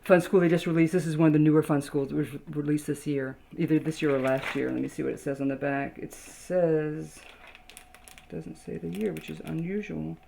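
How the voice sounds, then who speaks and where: A woman toy collector casually showing her collection, halting with many ums and restarts as she reads labels aloud. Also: deep voice, steady tone, creaky, mellow. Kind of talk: casual show-and-tell narration. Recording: noisy home video.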